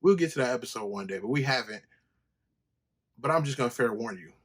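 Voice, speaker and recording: A man hosting his own podcast, telling a story in a loose, profane monologue and jumping high when he quotes himself. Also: lively intonation, a little fast, long pauses. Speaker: podcast host. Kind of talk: casual solo podcast monologue.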